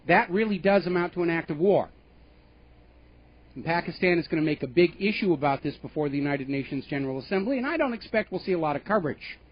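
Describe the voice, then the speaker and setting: A somewhat high-pitched man delivers a political commentary monologue as a radio talk show host. He speaks emphatically and with indignation, slipping into sarcasm. The audio sounds dull and muffled.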